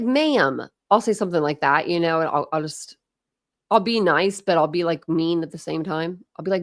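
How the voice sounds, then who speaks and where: A woman in her thirties chatting casually with viewers on a livestream from home, frank and quick to laugh, thanking commenters by name. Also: lowish voice, sing-song, dry recording, studio quality. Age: 30s. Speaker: livestream host. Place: home, indoors.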